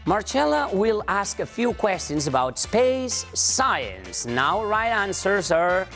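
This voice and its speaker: Woman quiz host, lively pitch, explains answers, music behind. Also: slow pace. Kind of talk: quiz presenting.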